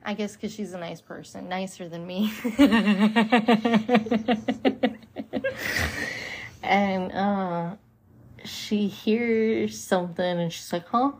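A woman's voice: mid-range voice, extremely slow, pauses often, darkish tone. A woman co-hosting a casual chat, retelling a horror movie scene by scene in a laid-back way with plenty of swearing. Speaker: podcast co-host.

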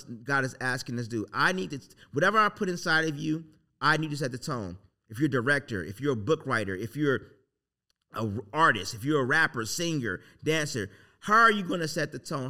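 Bright-voiced excited man preaching. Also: a little high, fairly quick. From Southern California. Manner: rambling, excited, repeats "like" and "literally". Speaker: podcast host. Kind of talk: casual motivational talk.

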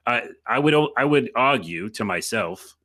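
Bright-voiced playful man. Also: medium pitch, expressive, unhurried. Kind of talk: casual conversation.

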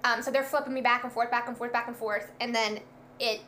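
A young woman tells a story casually with lots of energy, acting out every quoted line. Her voice sits a little high and sounds bright and forceful. A faint hum of ambient noise stays underneath. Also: a little fast. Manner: animated, lots of "like", acts out quoted lines. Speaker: guest telling a birth story.

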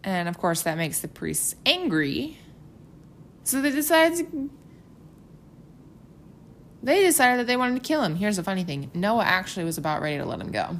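A woman's voice: on the low side, fairly quick, hardly any pauses, slight background noise. A young woman talking casually and animatedly about scripture, acting out quotes in little whispers. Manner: chatty, animated, acts out quotes with gasps and whispers.

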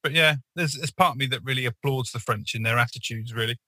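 A man's voice: medium pitch, quick pace, sharp tone, no echo, low-quality recording. A man co-hosting a podcast, telling a rambling story in casual chat with many fillers and restarts. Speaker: podcast co-host.

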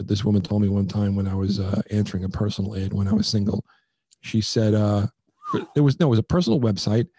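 A man's voice: mid-range voice, warm tone, breathy edge, no echo. A middle-aged man hosting a comedy podcast, telling rambling self-mocking stories in casual chat on a headset mic. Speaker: podcast host.

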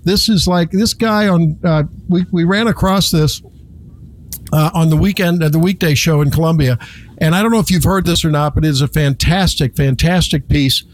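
A man hosting a radio talk show, speaking casually with many fillers and restarts. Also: fairly high pitch.

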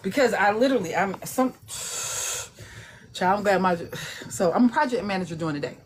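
A woman's voice: mid-range voice, expressive, moderate pace, a little hiss or hum. A woman, an indie author, chatting casually and animatedly, acting out voices with laughter and salty language. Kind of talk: casual chat.

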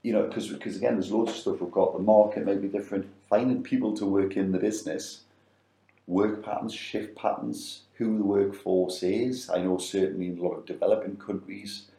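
A man's voice: lowish voice, steady tone, brisk, creaky, dark tone, echoey room, poor audio. A middle-aged man, co-hosting a casual business chat and repeating words as he thinks aloud.

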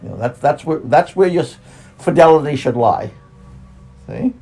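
A man's voice: on the high side, expressive, creaky, darkish tone, breathy edge, soft background music, rough recording. A man speaking as a spiritual teacher in an unscripted talk, repeating himself, restarting phrases and drawing out words. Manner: repetitive, with frequent restarts and drawn-out words.

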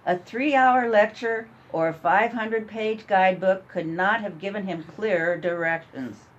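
A woman's voice: mid-range voice, unhurried, highs cut off. Woman narrating a story.

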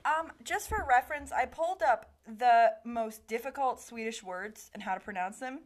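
A woman making wry jokes and quick asides in casual podcast chat. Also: a little high.

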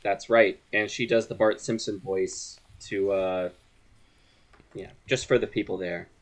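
A man's voice: on the low side, steady tone, measured pace. A man co-hosting a comics podcast, joking around in casual chat. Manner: joking, slips into silly cartoon voices. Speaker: podcast co-host.

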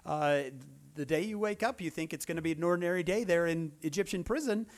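A man's voice: on the high side, brisk. A man giving a humorous sermon, telling a story and acting out the characters' lines. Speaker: speaker at a church meeting.

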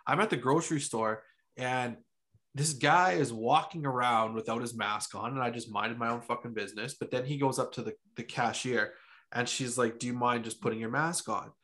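This young adult man speaks in a mid-pitched voice, laid-back and profane as he recounts a story. He talks casually and tosses in short agreeing interjections. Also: moderate pace, pushed and bright. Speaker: podcast co-host.

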